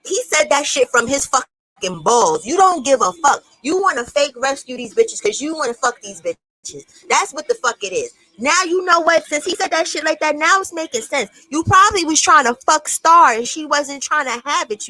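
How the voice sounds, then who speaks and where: A woman's voice: sits high, bright, forceful tone, no echo, low-quality recording. A woman hosting a reaction commentary, talking in a blunt, profane, mocking way. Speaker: commentary host.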